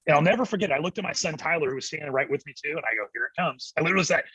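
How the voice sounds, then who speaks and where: A middle-aged man, a youth ministry director, telling an animated story as a guest on a church interview show. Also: on the high side, husky, no echo, poor audio. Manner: animated storyteller acting out quotes, quick laughs.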